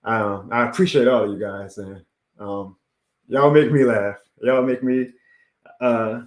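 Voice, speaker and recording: Heartfelt rambling streamer in an echoey room. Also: male voice, mid-range voice, a little slow. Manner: heartfelt, rambling, laughs often, reads chat aloud. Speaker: YouTube sports streamer. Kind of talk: casual live stream chat.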